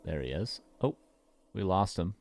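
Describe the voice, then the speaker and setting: A man's voice: low voice, animated, unhurried, gravelly. A man casting game replays live, joking and chatting with his viewers as he goes. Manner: joking, playful, chats with viewers. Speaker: caster.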